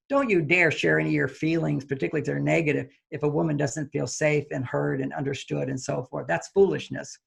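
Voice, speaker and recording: A male relationship author, interviewed as a guest, tells a personal story in a gravelly voice with a breathy edge. He acts out his own reactions with sudden high, loud jumps.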